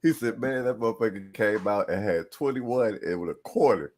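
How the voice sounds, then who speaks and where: A man's voice: on the low side, animated, moderate pace, a little mellow. A man co-hosting a sports podcast in casual chat, animatedly retelling players' stories with slang and cursing. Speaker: podcast co-host. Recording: live stream call.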